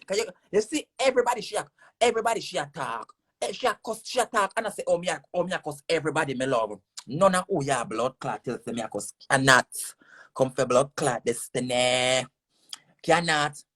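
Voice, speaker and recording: A woman's voice: deep voice, animated, fairly quick, slightly rough. A woman with a Jamaican accent on a livestream, heatedly cussing someone out in a repetitive, insulting rant. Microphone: phone on a screen-recorded livestream.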